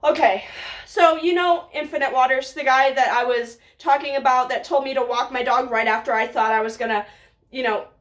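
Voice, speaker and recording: A woman's voice: high voice, steady tone, a little fast. A young woman telling a personal story to her viewers in a rambling, gushing way. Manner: gushing, rambling, heavy on "like" and "literally". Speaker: vlogger. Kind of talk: casual storytime monologue.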